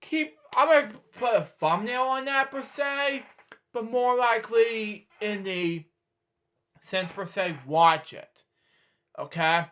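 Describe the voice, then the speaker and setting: A man's voice: high voice, slow pace, bright, forceful tone. A man in his twenties, hosting a reaction video, rambling in casual commentary and muttering to himself while he searches. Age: 20s.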